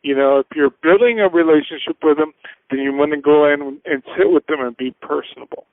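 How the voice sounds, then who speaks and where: Appearing as a finance guest on a radio show, a man gives step-by-step business advice in an earnest, casual way, acting out little scenes in voices. His voice is on the high side and brisk, and the sound is tinny, phone-like and dry with no room sound.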